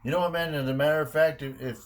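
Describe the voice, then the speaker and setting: A man's voice: a little high, fairly even intonation, fast talker, pitched above the performer's own voice, lightly acted. A man voicing a friendly, generous older male rancher who talks earnestly and keeps saying "man".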